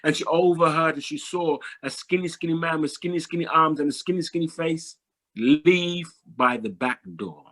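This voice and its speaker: A man telling a folk tale aloud to an audience, rhythmic and repetitive with dramatic pauses. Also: fairly high pitch, a bit bright. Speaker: storyteller.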